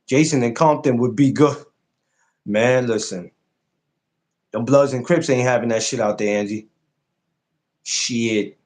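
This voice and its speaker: A man in the middle of his register hosts a live podcast stream in loose, casual chat. He talks animatedly, swears freely, and his voice jumps up high when he mocks something. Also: measured pace, long pauses, a little mellow.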